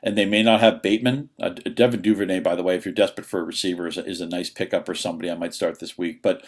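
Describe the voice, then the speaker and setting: A man appearing as a fantasy football analyst on a sports radio show, breaking down players in a rapid, analytical way. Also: low-pitched, fairly even intonation. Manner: rapid, analytical, with quick restarts. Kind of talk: casual sports radio chat.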